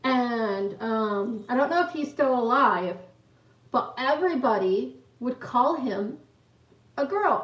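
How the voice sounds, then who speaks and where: A woman's voice: a little high, animated, unhurried. A young woman livestreaming, telling a story in a rambling, giggly way and greeting viewers in chat. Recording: echoey room, mic at a distance, dull lo-fi sound.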